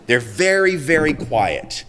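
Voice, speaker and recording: A man's voice: mid-range voice, sing-song, takes it slowly, a bit bright, slight background noise. A middle-aged man giving a speech, telling a personal story in an easy, conversational way. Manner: conversational storyteller, acts out quoted voices. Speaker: speaker.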